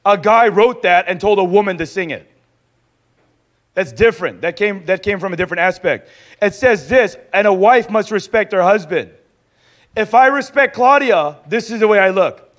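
A young adult man teaching in a sermon style, lively and acting out little dialogues as he goes. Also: sits high, moderate pace. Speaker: pastor teaching a discipleship school.

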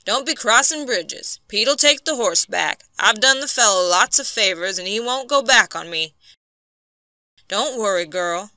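A woman voicing an injured lumberman, a man down on his luck who speaks gruffly and hopelessly. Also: medium pitch, animated, a little slow, bright, forceful tone, no echo. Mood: reassuring.

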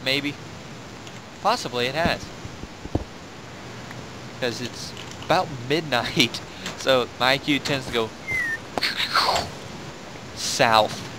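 A man's voice: mid-range voice, slow pace, long pauses, noisy background. A young man hosting a gaming video, rambling and joking in casual commentary while laughing at himself.

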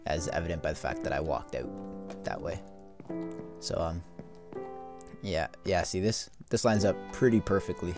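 A man giving casual, rambling gameplay commentary with lots of fillers, yawning as he plays. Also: low-pitched. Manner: rambling, easygoing, many fillers. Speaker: let's play host.

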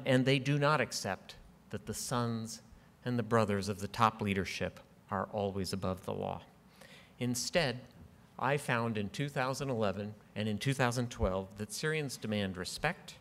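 A man's voice: fairly low pitch, a bit bright. Earnest man speaking in a hall. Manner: measured, earnest, with frequent ums and dry humor. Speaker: award recipient giving an acceptance speech. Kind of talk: formal acceptance speech. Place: large ceremony hall. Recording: long hall reverb.

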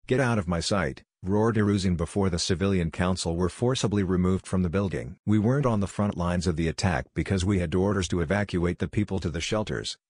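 Deep husky man reading a story. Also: a little mellow, no echo, clean studio sound. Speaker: narrator reading a fan story. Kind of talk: scripted narration.

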